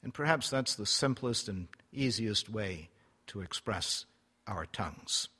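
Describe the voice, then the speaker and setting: A man preaching a sermon, reading scripture slowly and solemnly, his loudness rising and falling for emphasis. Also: on the low side, expressive, breathy edge. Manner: emphatic, swells and drops in loudness; reads scripture in slow, solemn cadence. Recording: long hall reverb.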